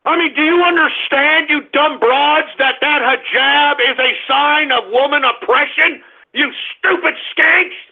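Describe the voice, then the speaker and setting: A middle-aged man hosting a radio show, ranting angrily and often breaking into shouts. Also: very high voice, steady tone, unhurried, vocal fry, few pauses. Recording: tinny phone-like audio.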